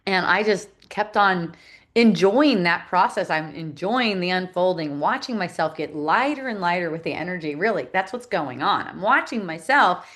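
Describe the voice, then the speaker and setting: A woman's voice: lowish voice, animated, normal speed, fairly bright tone. A middle-aged woman teaching in a reflective spiritual talk, laughing often and acting out the voices she quotes.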